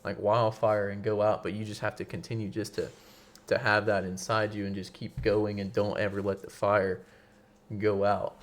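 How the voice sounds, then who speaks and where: A man's voice: lowish voice, level tone, normal speed. A young man co-hosting a faith podcast, speaking in an encouraging, slightly preachy way and often repeating himself as he builds a point. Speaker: podcast co-host. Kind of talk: casual faith conversation.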